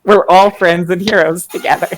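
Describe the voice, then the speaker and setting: A woman's voice: lowish voice, fairly even intonation, moderate pace, a little hiss or hum. Giggly woman playing a tabletop game. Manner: giggly, chatty player narrating her character's actions. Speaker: player. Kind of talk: casual tabletop play.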